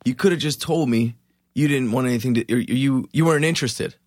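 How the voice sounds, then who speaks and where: A man's voice: medium pitch, a little fast, a little mellow, no echo, studio quality, pitched above the performer's own voice, lightly acted. A man voicing a twitchy, pushy young hustler who talks in street slang and won't let things go. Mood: aggrieved. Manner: street slang, agitated and persistent.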